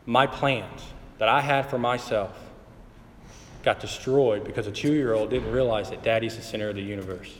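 A man in his thirties preaching a sermon, moving between quiet, conversational storytelling and emphatic passages. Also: on the low side, normal speed, slight background noise. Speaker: pastor. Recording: hall reverb with faint ambience.

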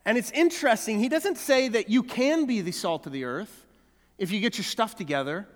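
A man's voice: high-pitched, big pitch swings, moderate pace, big-room sound. A man preaching a sermon as pastor, earnest, often restarting and repeating words.

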